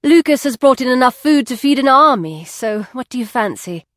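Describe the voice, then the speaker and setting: A woman's voice: sits high, lively intonation, normal speed, a bit bright, dry recording, studio quality, voice pushed up. A woman voicing a proud, guarded young businesswoman who speaks in a composed, clipped way in an audiobook.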